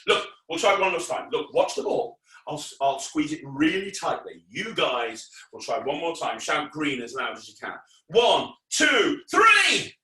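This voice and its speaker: A lively male children's magician with a bright, sharp voice and a fairly high pitch. He coaxes his young audience and bursts into playful mock-frustration. He is recorded from a distance in a roomy, echoey space. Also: normal speed, hardly any pauses. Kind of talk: kids' magic show patter. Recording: echoey room, distant mic.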